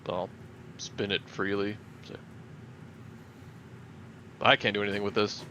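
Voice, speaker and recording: A man's voice: on the low side, flat delivery, a little slow, bright, forceful tone. A man playing a tabletop game, talking in a casual, offhand way. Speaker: player. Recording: dull, distant mic with faint noise.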